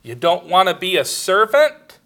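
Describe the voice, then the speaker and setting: A man's voice: sits high, very animated, measured pace, fairly bright tone. A man preaching a sermon, telling a personal story with laughs and acted-out dialogue. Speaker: pastor.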